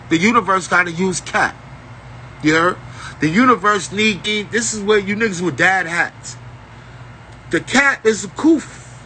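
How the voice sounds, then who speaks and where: A man's voice: high voice, bright, forceful tone, a little hiss or hum, rough recording. A man at home giving a rambling, profane, streetwise monologue in a freewheeling casual style. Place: at home, indoors.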